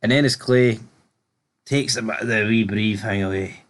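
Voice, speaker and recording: A man, co-hosting a casual review podcast, recapping scenes in a relaxed way with sweary asides. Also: fairly low pitch, unhurried. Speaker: podcast co-host.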